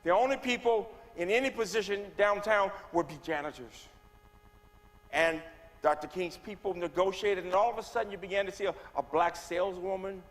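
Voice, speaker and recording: A man's voice: high-pitched, normal speed. Older man telling his story in a church. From Birmingham, Alabama. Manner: dramatic storyteller, swings from hushed to rising loud. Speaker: guest speaker. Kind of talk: personal testimony speech. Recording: long reverb of a church hall.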